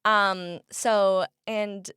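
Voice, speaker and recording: A young woman from the Midwest talks through her story as an interview guest, filling her sentences with ums and easy laughter. Her voice is smooth and clear. The recording is close and dry. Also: mid-range voice, steady tone, drawn-out words, a bit bright, dry recording. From American Midwest. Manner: chatty, laughing, many fillers. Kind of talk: casual interview.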